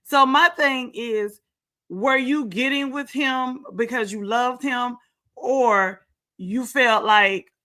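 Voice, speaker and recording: Here a talk show host delivers casual reality TV commentary from a home setup while sharing her screen. She speaks slowly in a slightly high, bright, forceful voice, pressing her points repeatedly and tossing in sarcastic asides.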